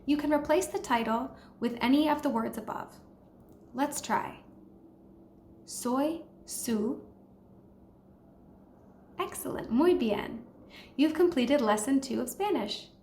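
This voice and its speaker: A woman giving a slow, patient beginner language lesson, modeling each word and encouraging listeners to repeat after her. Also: high voice, animated, a little mellow, slight background noise. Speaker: language teacher. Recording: echoey room with faint ambience.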